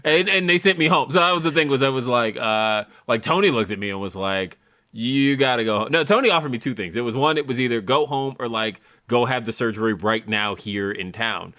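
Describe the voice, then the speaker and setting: A man's voice: mid-range voice, animated, brisk, hardly any pauses, sharp tone, no echo, studio quality. A young man with a lisp after oral surgery, rambling through a story with lots of fillers on a casual podcast. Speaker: podcast co-host.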